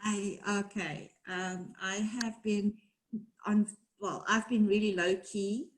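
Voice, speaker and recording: A woman's voice: medium pitch, fairly even intonation, takes it slowly, a little hiss or hum, poor audio. A woman from South Africa with a South African accent tinged with American, speaking casually and with laughter as a webinar guest. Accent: South African with some American. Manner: chatty, laughing, self-deprecating. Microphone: video call.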